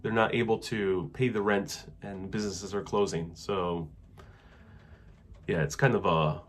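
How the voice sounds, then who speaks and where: A man hosting a casual live stream, answering viewer questions about travel in a relaxed, rambling way with many fillers. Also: low voice, measured pace, slight background noise. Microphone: wireless clip-on mic.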